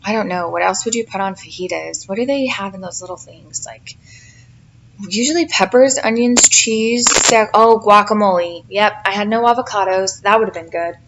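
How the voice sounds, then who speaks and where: A tired mom in her thirties talks through her dinner in a loose, chatty voice-over, full of fillers and little jokes at her own expense. Her voice has a gravelly fry, and a faint hiss sits under it. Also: mid-range voice, moderate pace, fairly bright tone, rough recording. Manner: chatty, self-deprecating, rambling with fillers. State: tired, yawning. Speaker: cooking vlogger, mother. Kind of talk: casual cooking voice-over. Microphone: home voice-over mic.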